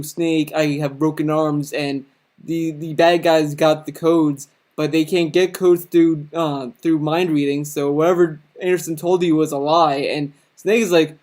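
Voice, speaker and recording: A man's voice: on the high side, fairly even intonation, unhurried, darkish tone. Sarcastic man recapping a game. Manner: sarcastic, crude and irreverent. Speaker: video host. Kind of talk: comedic video-game recap.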